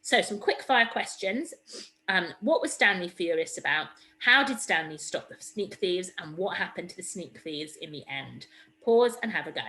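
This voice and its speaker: Woman teacher, recorded reading lesson, encouraging, lowish voice. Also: animated, moderate pace, bright, forceful tone, low-quality recording. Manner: encouraging, explains step by step. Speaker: primary school teacher.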